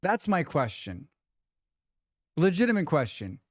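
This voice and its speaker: A man's voice: a little high, big pitch swings, measured pace, dry recording, clean studio sound. A man hosting a game livestream, rambling casually and reading out chat messages. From United States. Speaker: livestream host. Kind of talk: casual chat with chat while gaming.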